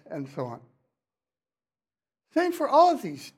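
A man giving a university lecture in class, talking in a halting way with many restarts and fillers. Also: very high voice, huge pitch swings, slightly rough. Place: lecture hall.

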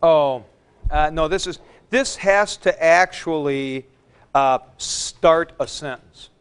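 Male Greek teacher, slow and patient lecture, high clear voice. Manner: explains patiently, repeats points, recites word forms. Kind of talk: classroom lecture.

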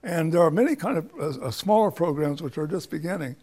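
An older professor gives an informal lecture to students, answering them in a loose, anecdotal ramble and restarting sentences as he works toward his point. His voice is a little high, darkish, husky and rough with a gravelly fry, and he speaks fast and expressively.

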